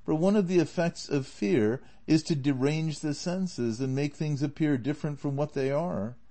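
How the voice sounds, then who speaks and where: A man's voice: on the high side, normal speed, dark tone, close to an everyday voice. Don Quixote, a man doing a grandiose old knight. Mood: lofty. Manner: lofty archaic speech, declaiming. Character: pompous deluded old knight, grandly archaic.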